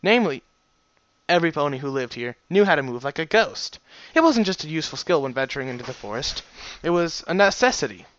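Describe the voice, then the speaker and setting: A man casually reading a fan story aloud, animated, sometimes stumbling over words and chuckling at the text. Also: fairly high pitch, fast, dull audio. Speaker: reader.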